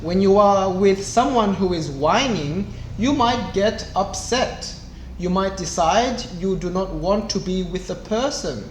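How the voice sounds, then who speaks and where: High-voiced, slow man teaching kids. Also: animated. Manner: slow and clear, with small voices for the book's characters. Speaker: English teacher reading a storybook. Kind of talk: slow read-aloud lesson for kids. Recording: echoey room, faint background noise.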